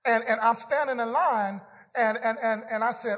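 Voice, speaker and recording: A man preaching and telling a story of his own, swinging from hushed quoted lines to loud shouts. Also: very high-pitched, moderate pace, long reverb tail. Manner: animated testimony, whispering quotes then shouting. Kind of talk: storytelling sermon.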